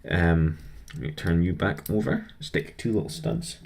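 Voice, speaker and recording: A man's voice: low voice, lively intonation, a little slow, vocal fry, a little mellow. A young man rambling casually about his week while building a model kit, chatty and self-deprecating.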